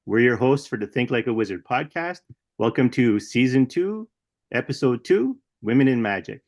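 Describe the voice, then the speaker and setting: A man's voice: medium pitch, animated, moderate pace, no room sound, clean studio sound. A man hosting a podcast in easygoing casual chat. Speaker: podcast host.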